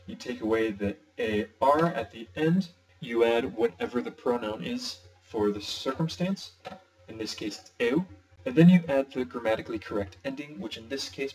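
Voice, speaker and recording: A man's voice: medium pitch, distant mic, poor audio. A man explaining language grammar step by step in a patient, slightly playful teaching voice. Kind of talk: screen-recorded lesson.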